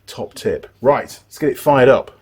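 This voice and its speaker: A middle-aged mechanic explains a repair in a casual, chatty way. His voice has a slightly breathy, husky edge at a middle pitch. He rambles and restarts as he goes. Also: unhurried, a little mellow. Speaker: motorbike mechanic and channel host. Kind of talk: casual workshop tutorial.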